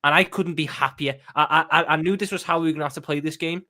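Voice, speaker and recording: A man giving fired-up football analysis as a panel guest, repeating words as he pushes his points. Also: a little high. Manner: fast, emphatic, repeats words when excited. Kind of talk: passionate match analysis.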